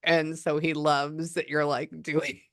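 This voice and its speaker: A woman's voice: sits low, level tone, takes it slowly, no echo, studio quality. A woman psychic medium giving a casual reading, thinking aloud and exclaiming often.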